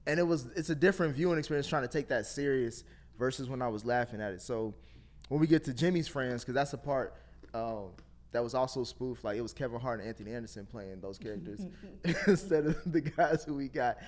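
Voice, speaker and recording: A man's voice: medium pitch, a little fast, a little mellow. A man co-hosting a podcast in casual film review chat, laughing often and asking the others questions. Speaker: podcast co-host.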